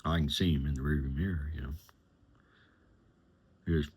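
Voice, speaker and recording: Deep husky male storyteller, slow and plain-spoken, former driver recounting his past. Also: steady tone. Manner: plain-spoken, unhurried, conversational. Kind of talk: personal testimony storytelling.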